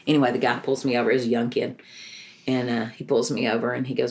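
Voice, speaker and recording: A woman's voice: a bass voice, little pitch movement, fast talker. A middle-aged woman, a guest in an interview, telling her personal story in an earnest, emotional way, often restarting her sentences. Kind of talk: personal testimony in conversation.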